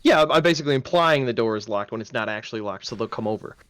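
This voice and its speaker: Male player, mid pitch, lively, dry mic, eager planner. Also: very fast, no room sound. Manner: eager, plans out loud with questions. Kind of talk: casual tabletop play.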